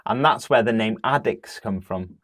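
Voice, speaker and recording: A man's voice: lowish voice, moderate pace, fairly bright tone. A middle-aged man co-hosting a casual podcast, chatty and full of fillers as he tells stories. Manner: chatty, many "uh" fillers, storytelling. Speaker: podcast co-host. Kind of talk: casual chat.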